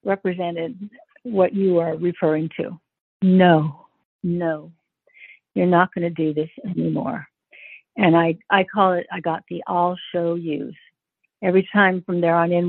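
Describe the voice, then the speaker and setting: An older woman from Northern California, an interview guest, earnestly telling a personal story with halting restarts. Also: mid-range voice, dry recording. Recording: dry tinny phone-like sound.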